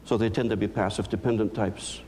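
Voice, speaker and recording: A man's voice: fairly low pitch, fairly even intonation, fairly quick, darkish tone, a little hiss or hum. A man giving a motivational lecture as a psychologist, telling stories earnestly and with emphasis.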